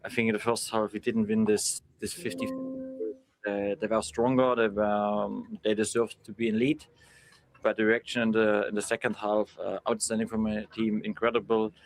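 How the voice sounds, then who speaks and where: Male football manager, post-match presser, halting non-native phrasing. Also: on the low side, flat delivery, slight background noise.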